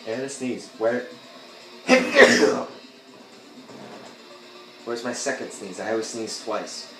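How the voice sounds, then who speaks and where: A man rambling and joking through casual gameplay commentary, breaking into loud outbursts now and then. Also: on the low side, normal speed. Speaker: gameplay video host. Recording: echoey room with game music behind.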